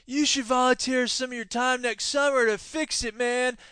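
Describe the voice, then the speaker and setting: A preachy burnout hippie dork, as a man puts him on, drawling and tacking "man" onto his lines. The voice sits high and bright. It is heard dry and close. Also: steady tone, moderate pace, smooth, no room sound. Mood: whiny.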